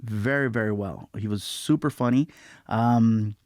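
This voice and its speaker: A man being interviewed as a comedian guest, telling stories in a casual, lively way and often slipping into other people's voices. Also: fairly low pitch, unhurried, no room sound, studio quality. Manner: storytelling, lively, breaks into voices.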